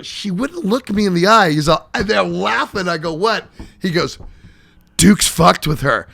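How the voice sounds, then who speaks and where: A man's voice: high voice, vocal fry, sharp tone. A man hosting a podcast, telling road stories in casual, profane chat. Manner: profane, swears freely. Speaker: podcast host.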